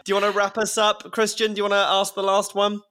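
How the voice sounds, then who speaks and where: A man's voice: high voice, monotone, quick pace, sharp tone, clean tone. A man hosting a casual panel chat, jokey and friendly, reading out listener questions. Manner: jokey, friendly, laughs often. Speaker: host.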